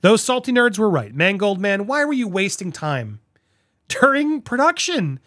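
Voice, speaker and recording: A man's voice: high voice, moderate pace, no room sound, clean studio sound. A man giving a casual spoken film review, talking in a loose, rambling way with restarts and asides. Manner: animated, voices other people's reactions. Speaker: movie reviewer.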